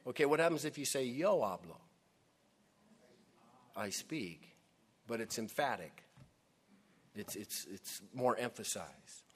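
Slow, emphatic preaching man. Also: medium pitch, animated, slightly rough. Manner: emphatic, dramatic pauses, drops to a hush. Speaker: pastor. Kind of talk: sermon.

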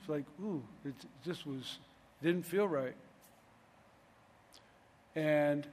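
A man's voice: a little high, in a large hall. A middle-aged man preaching a sermon in a loose, conversational way, often restarting his sentences. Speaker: pastor.

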